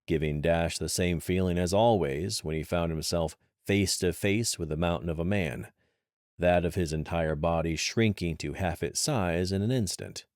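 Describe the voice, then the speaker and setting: A man narrating an audiobook with steady, even storytelling. His voice is very low. The recording is close and dry. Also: dry recording. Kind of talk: scripted narration.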